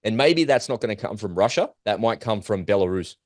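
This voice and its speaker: A man giving an urgent, animated commentary monologue, firing off rhetorical questions as host of his own show. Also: on the low side, a little fast, dry recording, studio quality. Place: at home in Australia.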